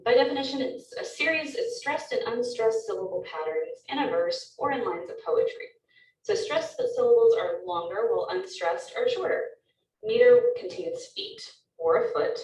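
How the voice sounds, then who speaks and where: A woman's voice: mid-range voice, darkish tone, roomy sound, far from the mic, a little hiss or hum, poor audio. A woman teacher giving a recorded lecture, explaining step by step with frequent ums.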